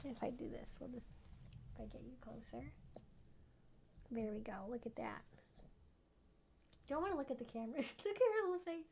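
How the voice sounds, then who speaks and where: A woman's voice: on the high side, normal speed, creaky, pauses often, a little mellow, slight background noise. A young woman hosting a casual livestream from home on a desk mic, talking emphatically and cooing at her pet. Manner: emphatic, chatty, doting baby talk to her pet. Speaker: streamer host. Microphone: desk microphone.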